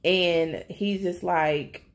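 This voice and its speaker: A woman with a lowish, gravelly voice tells a TV episode's story in a chatty vlog. She talks straight to her viewers and narrates with lively flair. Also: drawn-out words. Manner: chatty, addresses viewers directly; animated storytelling. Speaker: TV recap vlogger. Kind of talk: casual episode recap.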